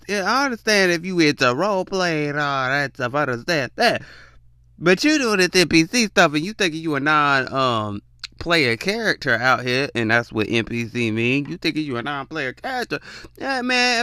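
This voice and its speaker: A man giving casual reaction commentary to viewers, animated and often laughing. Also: a little high, normal speed, smooth, dry recording, clean studio sound.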